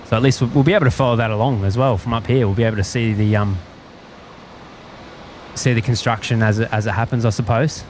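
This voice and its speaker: Australian male streamer, relaxed and rambling, mid-pitch voice, faint outdoor traffic noise. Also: fast. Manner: easygoing, rambling, chuckles often. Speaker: live stream host. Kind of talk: casual live-stream chat. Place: outdoors at a plane-spotting spot by an airport.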